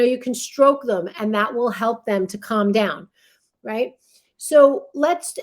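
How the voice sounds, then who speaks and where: A woman teaching a baby care class, explaining step by step and checking in with her listeners through frequent tag questions as she demonstrates. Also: on the high side. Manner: demonstrates holds while talking.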